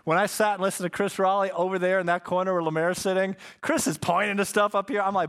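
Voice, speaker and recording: A man's voice: sits high, level tone, fast talker, fairly bright tone, clear, resonant tone. A male pastor preaching a sermon in a church, conversational and repeating key phrases for emphasis. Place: church sanctuary with congregation.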